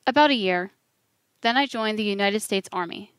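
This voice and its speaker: A soft-spoken elderly man with a Southern accent, gentle and worn out, speaking in a quiet, subdued way, voiced by a woman narrating an audiobook. The sound is close and dry, with no room around it. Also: mid-range voice, normal speed, clean tone, no echo, lightly acted. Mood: weary, earnest. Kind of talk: audiobook reading.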